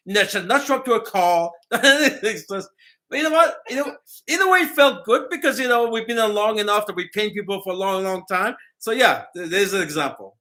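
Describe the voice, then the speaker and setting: A man's voice: high-pitched, expressive, fairly quick, pushed and bright. A man hosting a casual chat, speaking conversationally with some hesitant fillers. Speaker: host.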